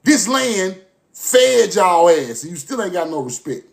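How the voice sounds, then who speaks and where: A man delivers a passionate, profane monologue straight to his listeners. His voice sits high, and he keeps circling back to the same phrases. He moves from forceful outbursts to low, muttered stretches. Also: sing-song, measured pace, vocal fry. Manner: forceful, repetitive, profane, swings from loud to low. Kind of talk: impassioned monologue to camera.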